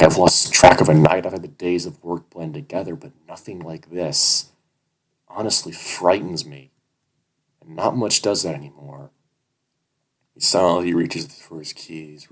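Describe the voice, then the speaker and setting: A male audiobook narrator reading a first-person fantasy story in a measured, introspective way. His voice is extremely low and deep. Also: rough recording.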